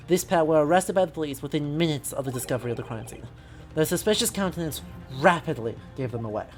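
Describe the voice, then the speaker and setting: A woman voicing a cold, pompous male prosecutor who speaks in a haughty, measured way. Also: deep voice, natural voice.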